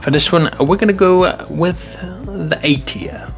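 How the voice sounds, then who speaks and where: A man with a gravelly, creaky voice jokes his way through card reviews in a loose, playful way. He keeps calling his viewers boys. Faint music sits under his voice. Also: a little high, a little slow. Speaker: card collecting video host. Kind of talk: casual joking card review commentary.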